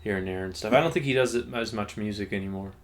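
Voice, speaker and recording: A young man co-hosting a podcast in easygoing conversation. He sounds matter-of-fact and unhurried, and slips in dry, wry jokes along the way. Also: on the low side. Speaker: podcast co-host. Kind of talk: casual chat.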